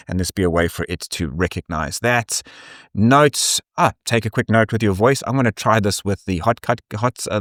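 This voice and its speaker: A man with an English South African accent, giving a casual, thinking-aloud software review full of ums and restarts. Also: deep voice, dry recording, studio quality. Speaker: tech reviewer.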